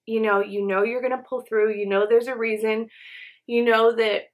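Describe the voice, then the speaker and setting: A woman's voice: on the high side, little pitch movement, normal speed. A young woman chatting casually while doing her makeup, rambling with lots of fillers like "um" and "you know.". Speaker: beauty vlogger. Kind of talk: casual get-ready-with-me chat. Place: home, indoors.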